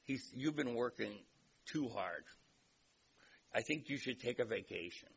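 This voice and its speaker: A man voicing God as a calm, fatherly figure, on a dull recording with faint hiss. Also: medium pitch, measured pace, creaky. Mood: concerned.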